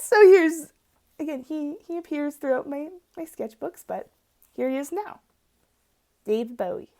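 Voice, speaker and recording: Young woman, art student vlogger, somewhat high voice; rambling, excitable, quick to laugh, casual swearing. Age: young adult. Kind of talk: casual sketchbook tour vlog.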